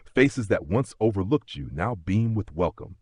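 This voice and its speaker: A man gently narrating a sleep story in the second person, with unhurried storytelling. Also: lowish voice, animated, husky, no echo.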